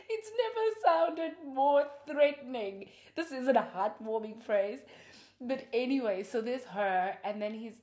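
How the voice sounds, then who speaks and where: A chatty woman reviewing films in a relaxed, talkative way. Her voice sits a little low, and she laughs easily as she goes. The room around her is echoey. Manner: chatty and animated, laughs often, many fillers. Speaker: podcast host. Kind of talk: casual film review.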